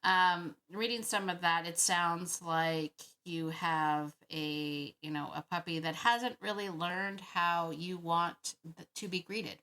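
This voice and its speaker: Chatty woman with a bright voice. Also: fairly low pitch, fairly even intonation, takes it slowly. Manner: chatty, thinks out loud, laughs often. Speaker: dog trainer podcast host. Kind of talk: casual Q&A monologue.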